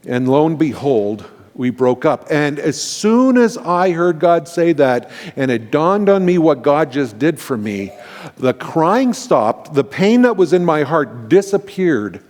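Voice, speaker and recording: Canadian pastor telling stories in a reverberant hall. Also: male voice, fairly high pitch, sing-song, a little slow, darkish tone. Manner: earnest, emotional personal storytelling with frequent restarts. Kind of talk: storytelling sermon. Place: large church sanctuary.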